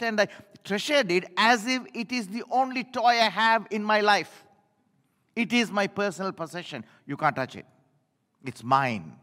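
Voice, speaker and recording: An older man preaching a sermon in a church, telling stories and swinging from loud declarations to hushed lines. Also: sits high, in a large hall. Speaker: pastor.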